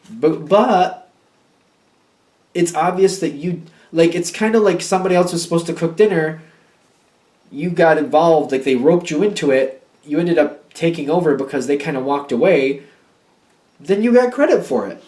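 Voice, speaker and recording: Chatty tarot reader man, lively pitch. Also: reverberant, recorded from a distance. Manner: chatty, thinking aloud with many fillers. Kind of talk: casual tarot reading.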